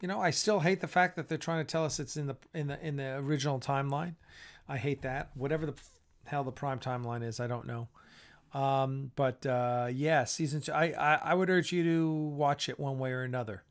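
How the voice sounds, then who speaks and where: A man's voice: medium pitch, fairly even intonation, fairly quick. A man hosting a casual live-stream chat. He sounds tired and yawns, and he gives blunt, opinionated takes. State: tired and yawning.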